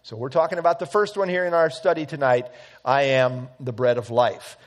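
A man's voice: medium pitch, fairly even intonation, brisk. A man teaching an evening Bible study, earnest and emphatic, quoting scripture at length.

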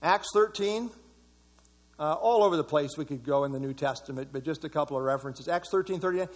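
In a fairly high-pitched, brisk voice, a man runs a relaxed evening Bible study at church, offering remarks on the verses and inviting the group to share thoughts.

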